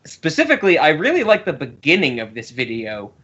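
A man's voice: a little high, wildly swooping pitch, brisk, bright, forceful tone, slightly rough, dull audio. A man co-hosting a casual podcast, rambling and laughing often as he talks. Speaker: podcast co-host.

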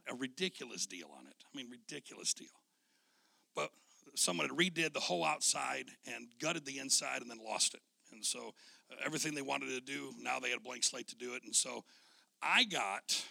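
A middle-aged male pastor with a scratchy, gravelly voice, preaching a sermon in a folksy storytelling way and often repeating his words. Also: medium pitch, sharp tone, dry recording.

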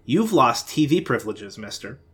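A man's voice: mid-range voice, sing-song, moderate pace, breathy edge. A man voicing a dry, sarcastic teenage girl who can see ghosts. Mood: teasing.

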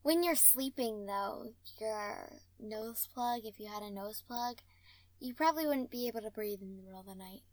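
A woman's voice: medium pitch, moderate pace, darkish tone, no room sound. A woman in a casual chat, answering hesitantly with many fillers.

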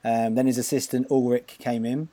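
A man in casual conversation, telling anecdotes quickly with the odd chuckle. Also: medium pitch, little pitch movement, dark tone, no echo. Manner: fast anecdotal talk with chuckles. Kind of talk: casual chat.

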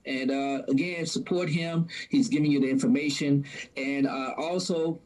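A man's voice: a little high, steady tone, normal speed, poor audio. A man hosting a podcast, thanking his guest and closing the show in a gracious, easygoing way that breaks into laughter. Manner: warm, gracious, laughs easily. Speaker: podcast host. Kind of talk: casual podcast interview outro.

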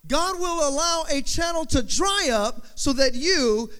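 A man's voice: extremely high pitch, expressive, unhurried, pushed and bright. A male pastor preaching a sermon, with call-and-response and emphatic repetition. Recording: long hall reverb.

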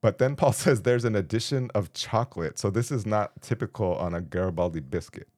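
A man co-hosting a casual recap show, reading out the details with dry little jokes. His voice sits a little low, and his manner stays relaxed and easygoing. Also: a little fast. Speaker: podcast co-host.

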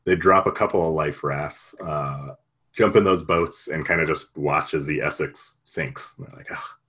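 A man's voice: a bass voice, moderate pace, a bit bright, slightly rough. A man retelling a story in casual chat, rambling and jokey, with lots of fillers.

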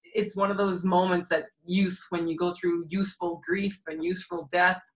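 A woman in her forties from Alberta, a podcast guest telling a personal story in a candid, animated way and laughing between heavy moments. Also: on the low side, normal speed, rough recording. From Alberta, Canada.

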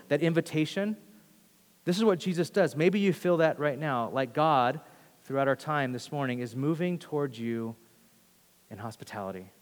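A male pastor delivers a sermon in a somewhat high voice. He is earnest and moves between quiet, intimate passages and forceful emphasis. His voice rings with long reverb, as if he were preaching in a large hall. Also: normal speed.

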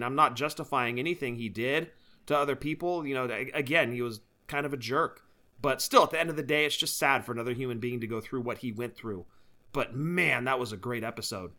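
Bright-voiced enthusiastic man. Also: medium pitch, a little fast. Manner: enthusiastic, chatty, laughs often. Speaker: podcast co-host. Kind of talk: casual chat.

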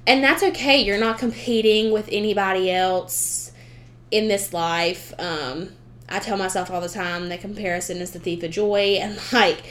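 A young Southern woman in her twenties hosts a podcast, chatting with encouraging, effusive energy. Her pitch sits in a middle range and her delivery stays casual and friendly. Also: steady tone, normal speed, a bit bright. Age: 20s. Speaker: podcast host. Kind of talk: casual chat.

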